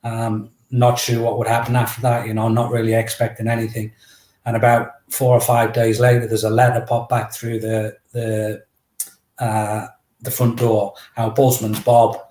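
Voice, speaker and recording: A man, a podcast guest telling a story in a lively, chatty way and acting out the quotes. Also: mid-range voice, moderate pace. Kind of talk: anecdotal storytelling. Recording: roomy echoey room.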